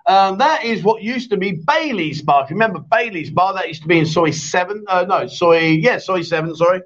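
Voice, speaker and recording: A man's voice: high-pitched, animated, fairly quick, a bit bright. A man hosting a live-stream chat show, teasing his co-host, rambling and reading out viewer comments. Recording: dull lo-fi stream audio.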